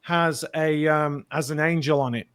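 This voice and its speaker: A man, an actor guest, telling lively anecdotes in an interview and acting out the quotes. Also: fairly high pitch, unhurried, clear, resonant tone, no echo, studio quality. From Britain. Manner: animated storyteller, acts out quotes.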